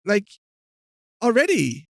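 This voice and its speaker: A man doing a mocking, high-pitched impression of a young female politician. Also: huge pitch swings, takes it slowly, creaky, dry recording, clean studio sound, exaggerated voice.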